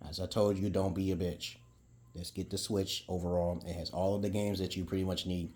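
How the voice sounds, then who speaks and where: A man in his forties from Brooklyn with a New York accent, ranting bluntly and profanely to camera about video games, with sudden loud outbursts. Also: low-pitched, slightly rough. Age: 40s. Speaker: vlogger giving gaming advice. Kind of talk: casual rant to camera.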